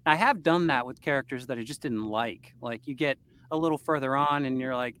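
A man's voice: medium pitch, brisk, a bit bright, slight background noise. Easygoing male audiobook narrator chatting. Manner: easygoing, laughs often, rambling with fillers. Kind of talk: casual interview chat.

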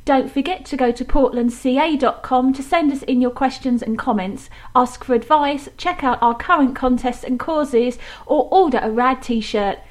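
High-voiced woman reading a podcast outro. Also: normal speed. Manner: upbeat, promotional. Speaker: show announcer. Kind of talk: scripted outro read.

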